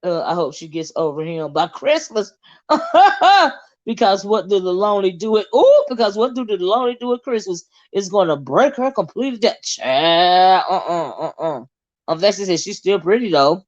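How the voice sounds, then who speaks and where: A woman hosting a casual livestream gossip chat, reading viewer comments aloud in a chatty, laughing way with drawn-out asides. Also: medium pitch, animated, darkish tone. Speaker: host. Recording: dull lo-fi sound.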